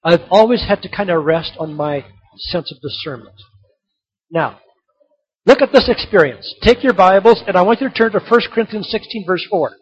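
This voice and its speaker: Male preacher, raspy and higher-pitched, sermon storytelling, dull lo-fi recording. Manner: storytelling, building to loud exhortation. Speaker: pastor.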